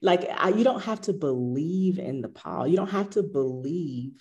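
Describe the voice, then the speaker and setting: A middle-aged woman with a low, mellow voice, telling stories from her yoga practice. She speaks in a reflective, conversational way. She mimics her own past reactions as she goes. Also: expressive, moderate pace, highs cut off. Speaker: yoga teacher. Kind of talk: casual conversation.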